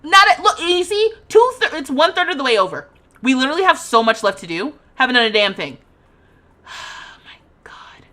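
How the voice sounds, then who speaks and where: Woman, 30s, game streamer; dramatic exasperated commentary, lively high voice. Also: fast. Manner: exasperated, dramatic rants with loud outbursts and laughter. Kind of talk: livestream gameplay commentary.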